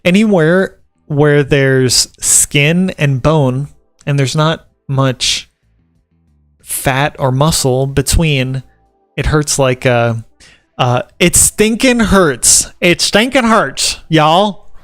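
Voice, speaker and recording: A man from the American South rambles easily and jokes his way through reading points from an article. His voice is smooth and clear, recorded close and dry. Soft music plays faintly behind him. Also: fairly high pitch, very slow, dry recording. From Southern United States. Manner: rambling and joking, reads article points aloud and riffs on them. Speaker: vlogger and tattoo apprentice. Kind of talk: casual chat to camera.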